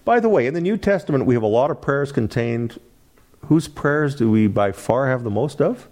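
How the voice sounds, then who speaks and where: A man's voice: medium pitch, moderate pace. A man teaching a Bible study class, lecturing and asking the group questions. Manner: animated, asks the class questions, laughs lightly.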